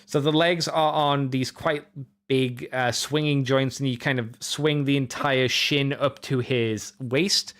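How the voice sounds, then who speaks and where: A man's voice: mid-range voice, steady tone, takes it slowly, fairly bright tone. A man hosting a podcast, chatting casually in a rambling, self-correcting way as he reviews toys. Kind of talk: casual solo review chat.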